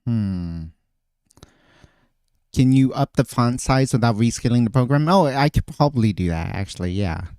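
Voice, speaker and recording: A man's voice: medium pitch, lively intonation, moderate pace, a little mellow, clear, resonant tone, no echo, clean studio sound. A man streaming casually, thinking aloud, often trailing off and restarting his phrases. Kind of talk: casual livestream chat.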